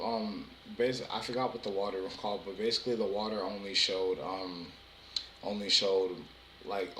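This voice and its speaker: Young man, casual episode recap, rambling, bright forceful voice, echoey room. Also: fairly low pitch, slight background noise. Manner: rambling, with many fillers and restarts. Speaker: TV episode reviewer.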